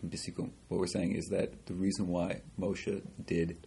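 Deep gravelly man answering briefly. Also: level tone, moderate pace, mellow. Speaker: student in a study class.

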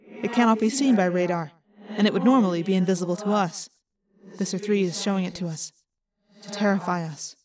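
A woman's voice: medium pitch, brisk, a crowd in the background, close to an everyday voice. A woman voicing a grave, polite young male alien who speaks in precise, formal sentences without contractions.

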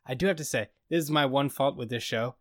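A man's voice: medium pitch, fast, a bit bright, dry recording, studio quality. Casual man retelling a comedy episode. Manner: rambling storyteller, acting out scenes. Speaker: podcast co-host.

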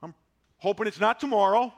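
A man in his sixties preaching a sermon, folksy and animated, driving points home with repetition. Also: high-pitched, fairly quick. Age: 60s. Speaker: pastor.

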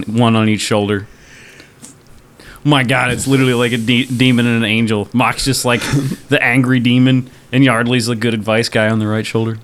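A man's voice: medium pitch, a bit bright, smooth. A man playing a tabletop game, chatting in a jokey, offhand way. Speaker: player. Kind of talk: casual chat at a tabletop game.

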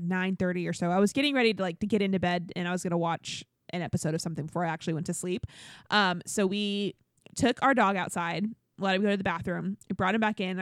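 A young woman co-hosts a casual podcast and tells animated stories. Her voice sits at a middle pitch, recorded dry and close. She throws herself into quoting people as she goes. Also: no room sound. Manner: animated storyteller, acts out quotes loudly. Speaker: podcast co-host. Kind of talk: casual chat.

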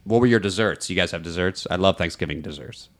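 A man's voice: deep voice, quick pace. A man hosting a casual podcast chat who laughs often and trips over repeated words. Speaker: podcast host.

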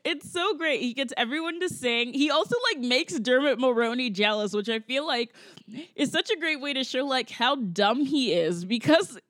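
A woman's voice: high voice, animated, moderate pace, a bit bright, dry recording, clean studio sound. A woman co-hosting a podcast, chatting enthusiastically about a film, laughing and swearing casually. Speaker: podcast co-host.

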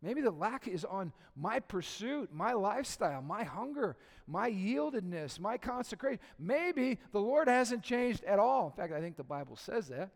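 In a church sanctuary whose long reverb trails his voice, a middle-aged male pastor gives a conversational sermon, mixing in humor and asking the congregation questions. His slightly high voice is sing-song and moves at a moderate pace with hardly any pauses, shifting between hushed, intimate passages and loud, emphatic peaks.

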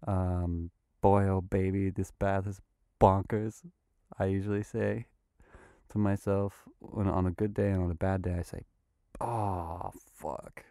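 Young male podcaster, slow and smooth, mock-formal politeness, dry close sound. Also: deep voice, level tone, mellow, no echo. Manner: overly polite, formal phrasing, rambling. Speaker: podcast host in character. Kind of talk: improvised comedy sketch.

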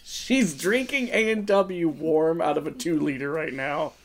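A man's voice: a little high, a little slow. A man hosting a casual comedy podcast from a studio, joking, laughing often and swearing through the banter. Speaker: podcast host.

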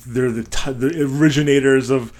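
A man's voice: mid-range voice, fairly even intonation, normal speed, darkish tone. A man co-hosting a podcast, rambling through a story and acting out the lines of the people in it, often laughing. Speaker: podcast co-host. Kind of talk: casual chat, retelling a story with put-on voices.

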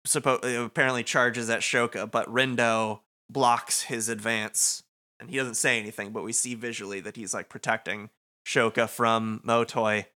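A man co-hosting a podcast in casual chat. He rambles, laughs easily, and restarts his sentences often. His voice is bright, at a middle pitch. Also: flat delivery, moderate pace. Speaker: podcast co-host.

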